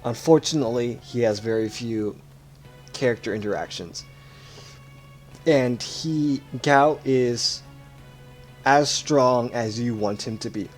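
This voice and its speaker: A man hosts a let's play with casual, explanatory commentary. His voice sits at a middle pitch, and he often stops to correct himself mid-sentence. Game music plays faintly behind him. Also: slow pace, pauses often.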